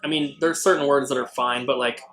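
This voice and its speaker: A man's voice: medium pitch, fairly even intonation, brisk, a bit bright, echoey room. A man who works at a game store, adding dry interjections in casual chat.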